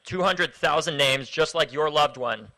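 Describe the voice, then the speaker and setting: A young man from Florida giving an impassioned speech to a rally crowd outdoors, his speech shifting between low, grave passages and loud chants that he leads. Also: a little slow, poor audio. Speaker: activist speaker at a rally.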